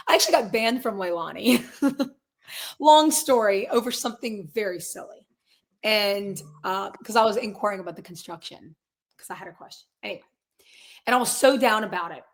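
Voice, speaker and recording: A woman's voice: mid-range voice, fairly bright tone. A woman in her twenties, a guest in a casual interview, talking earnestly and rambling through restarts and quoted asides. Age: 20s. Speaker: guest, singer and real estate agent.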